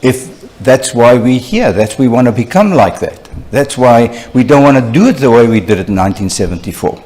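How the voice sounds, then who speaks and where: An older man lectures a room of young colleagues, telling stories in an animated, chatty way. His voice sits at an ordinary middle pitch, and he keeps turning to the audience with quick asides. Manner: conversational, animated storyteller with frequent "you know" asides. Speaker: surgeon lecturing at a conference. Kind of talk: conference lecture with anecdotes.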